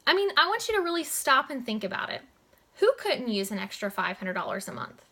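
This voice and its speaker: A young woman gives a motivational coaching talk to her network marketing team in a high-pitched, brisk voice. She's direct and animated, constantly saying "like" and "guys".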